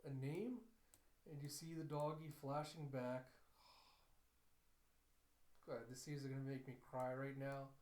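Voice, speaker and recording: A man's voice: medium pitch, little pitch movement, takes it slowly, pauses often, a little mellow. A young man giving a casual, chatty recap of an anime episode as a reviewer, retelling scenes line by line. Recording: roomy echo.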